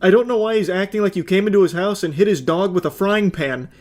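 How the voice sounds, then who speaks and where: A man's voice: sits high, fast, darkish tone. Sarcastic man giving reaction commentary. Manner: sarcastic, swears casually. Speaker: commentary host.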